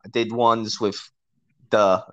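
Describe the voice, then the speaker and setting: With a fairly low voice and an unhurried delivery, a man relates a crude tale to a friend on a podcast, cursing nonstop and laughing often with animated energy. The recording is dry and dull.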